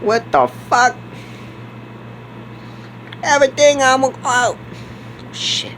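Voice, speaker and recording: A man playing a character in a game, talking in rowdy, excitable outbursts full of swearing. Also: extremely high pitch, slow pace, pauses often, slight background noise. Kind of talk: profane in-character game role-play.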